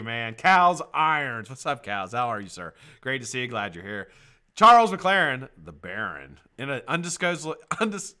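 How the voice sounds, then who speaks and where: A middle-aged man hosting a casual live stream, swearing freely and greeting viewers by name in loud bursts. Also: medium pitch.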